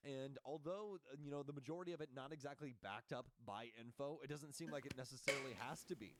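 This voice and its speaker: A man casting an esports match, giving play-by-play commentary in a measured, steady way. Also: mid-range voice, heavy background noise. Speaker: esports caster.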